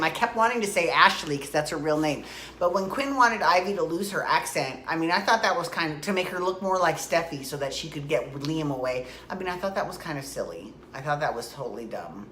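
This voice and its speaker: A woman with a low voice talks through her recap in a loose, rambling way, piling up asides and rhetorical questions. The room around her is echoey, with a faint hiss underneath. She sounds like she is chatting straight to her regular viewers. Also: a bit bright. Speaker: soap opera recap vlogger. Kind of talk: casual rambling recap monologue.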